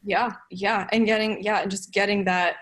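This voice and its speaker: Woman, young adult, podcast guest, earnest, thoughtful, middle pitch. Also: fairly even intonation, normal speed, fairly bright tone. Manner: thoughtful, earnest, many fillers and restarts. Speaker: podcast guest, sales development manager. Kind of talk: casual podcast conversation.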